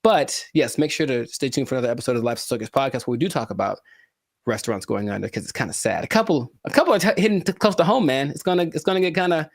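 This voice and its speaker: A man's voice: medium pitch, expressive, very fast, creaky, no room sound, clean studio sound. Playful theatrical man co-hosting a podcast. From California. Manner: playful and theatrical, repeats words and mock-dramatic asides. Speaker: podcast co-host. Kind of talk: casual podcast chat.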